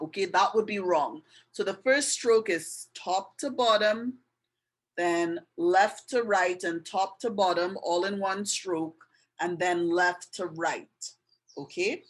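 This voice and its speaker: A woman's voice: medium pitch, slow pace, low-quality recording. A middle-aged woman giving a patient step-by-step art and writing lesson, often checking in with the viewer. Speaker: art and language tutor.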